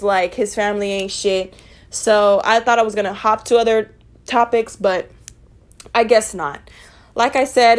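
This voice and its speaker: A young woman talks straight to her listeners in a casual solo podcast. Her voice sits a little high, and she speaks bluntly and with feeling, swearing freely as she goes. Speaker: podcast host. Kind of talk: casual personal podcast monologue.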